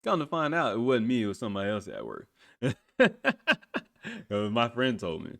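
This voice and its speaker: A man's voice: mid-range voice, normal speed, vocal fry. A man casually recounting a story from his military days, swearing freely and acting out what people said. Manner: animated, swears freely, acts out quotes.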